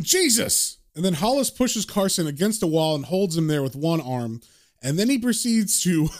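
A man casually retelling a comic book story, animated and relishing the gory scenes. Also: high voice.

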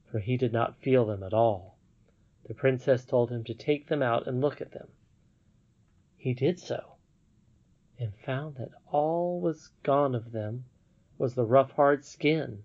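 A man narrating a classic storybook aloud in an earnest, expressive way. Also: medium pitch, muffled recording. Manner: earnest, expressive reading with self-amused retakes. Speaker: audiobook narrator.

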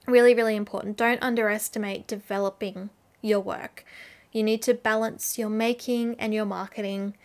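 A woman's voice: medium pitch, little pitch movement, moderate pace. A woman hosting a casual solo podcast, talking through business advice for artists in an earnest, chatty way. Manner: chatty, earnest, with fillers and restarts.

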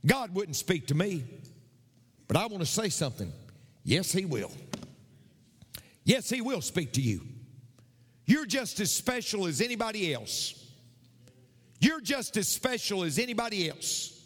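A man's voice: high-pitched, big pitch swings, a little slow, long pauses, a bit bright, long reverb tail. A male pastor preaching a sermon, repeating his points with emphasis.

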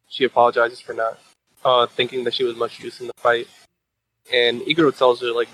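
A man's voice: medium pitch, monotone, fairly quick, pushed and bright, poor audio. A man recapping a manga chapter in casual chat, rambling with fillers and restarts, swearing and laughing at the story.

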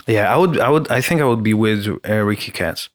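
A man's voice: lowish voice, brisk, dry recording, clean studio sound. Laid-back man co-hosting a podcast. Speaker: podcast co-host. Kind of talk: casual podcast chat.

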